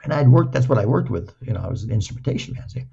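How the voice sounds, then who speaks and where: A man's voice: mid-range voice, lively intonation, very fast, gravelly, dark tone, slightly rough, highs cut off. An older man recovering from a stroke tells playful anecdotes, repeating words and acting out the dialogue. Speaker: guest. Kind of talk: casual anecdotal storytelling.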